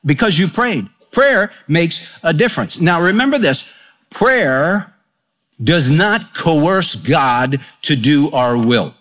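A man's voice: fairly high pitch, big pitch swings, slow, fairly bright tone. A man preaching a radio sermon in a plain, conversational way, with folksy stories and homespun humor. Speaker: pastor.

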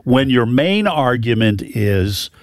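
A man's voice: mid-range voice, very animated, takes it slowly, no room sound. A man co-hosting a political talk radio show, arguing his points with emphasis. His voice sits in an ordinary middle range, recorded dry and close in the studio. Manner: opinionated, argues points with emphasis.

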